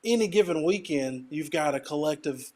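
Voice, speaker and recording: A man's voice: fairly high pitch, lively intonation, moderate pace, a little mellow. A man with an Arkansas accent, a DJ guest talking candidly in a casual interview.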